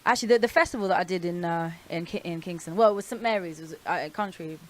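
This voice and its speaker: A young woman from North London with a London accent, chatting candidly as a radio guest, animated and swearing freely. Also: fairly low pitch, racing. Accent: London English. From North London, England. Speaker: guest performer. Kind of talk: casual interview chat.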